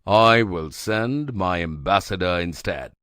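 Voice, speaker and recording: A man voicing an all-knowing male chief god in a storybook reading, commanding and unhurried. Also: low voice, lively intonation, a bit bright, clean tone, dry recording, clean studio sound. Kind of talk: storybook acting.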